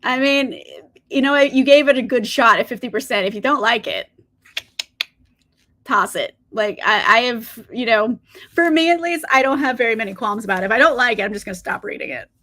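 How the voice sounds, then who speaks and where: A woman's voice: fairly high pitch, expressive, brisk, sharp tone. A woman hosting a reading live stream, chatting casually with viewers. She laughs often and swears now and then.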